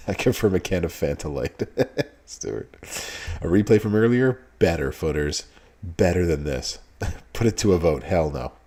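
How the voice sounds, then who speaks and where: A man with a deep, low-pitched voice hosts a relaxed live stream. He chats casually, greets viewers one by one, and laughs easily between remarks. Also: unhurried, pauses often. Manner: laid-back, greets chat viewers by name, laughs often. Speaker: streamer host.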